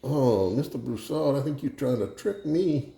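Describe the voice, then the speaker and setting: A man's voice: medium pitch, animated, a little slow, vocal fry, mellow, roomy sound, voice pushed up. A man voicing a blind Cajun man looking for work, drawling, sly and confident, with a Cajun accent.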